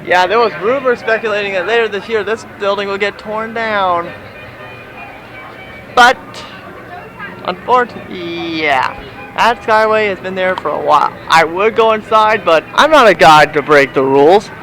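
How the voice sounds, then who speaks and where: A young man vlogs as he walks outdoors through a theme park, rambling, restarting, and a bit out of breath. His voice is high-pitched and his pace normal. It's a casual walking vlog shot on a handheld camera, with poor audio, loud ambient noise, and soft background music.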